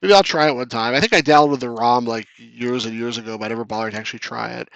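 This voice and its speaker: A man's voice: medium pitch, fast talker, gravelly, fairly bright tone, no room sound. A man casually commenting as he plays a retro strategy game live, chatting with viewers and joking about his losses. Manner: chatty, reads chat aloud, jokes at his own losses.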